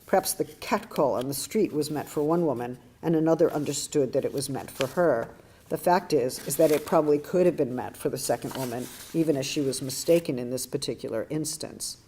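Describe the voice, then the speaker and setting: A woman's voice: low-pitched, brisk, warm tone, slight background noise. A woman giving an academic lecture, telling a personal story in a thoughtful, wry, self-deprecating way, with frequent restarts.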